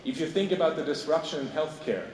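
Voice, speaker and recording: A man's voice: a little high, animated, fast talker, darkish tone. German-accented man, echoey conference hall. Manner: conversational, tags points with "okay?". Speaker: keynote speaker at a tech industry event. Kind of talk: conference keynote speech. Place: large conference hall on stage. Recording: echoey hall, distant mic, faint noise.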